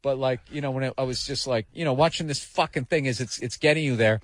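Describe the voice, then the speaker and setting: A man telling profane stories in casual radio talk show chat, breaking into loud shouted impressions. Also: medium pitch, quick pace, no room sound. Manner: profane storyteller, animated bursts of shouting impressions.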